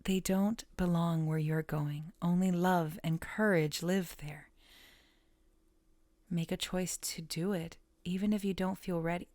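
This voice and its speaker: A woman giving a casual tarot reading, soft-spoken and musing, often trailing off and starting her thoughts over. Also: on the low side, fairly even intonation, measured pace, dry recording. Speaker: tarot reader.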